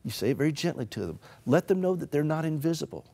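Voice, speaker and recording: Southern US man, middle-aged, rapid folksy interview guest with humor and soft hushed asides. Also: on the high side, big pitch swings, vocal fry. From American South. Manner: storytelling, folksy humor, drops to a gentle hush. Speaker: author and caregiver advocate.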